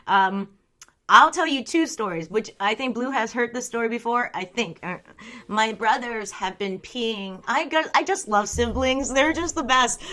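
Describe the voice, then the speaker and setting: A woman's voice: fairly high pitch, fairly bright tone. A young woman streaming live, chatting casually with viewers, reading their messages aloud and laughing often.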